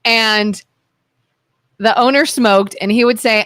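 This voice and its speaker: A woman co-hosting a casual talk radio show, telling stories in a chatty way and chiming in with quick agreement. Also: a little high, fairly even intonation, a bit bright, dry recording. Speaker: co-host. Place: radio studio.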